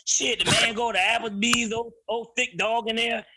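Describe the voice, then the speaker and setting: Blunt, high-voiced man telling it straight. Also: moderate pace, very noisy. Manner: blunt, profane, animated storytelling. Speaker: podcast guest. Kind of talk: casual chat.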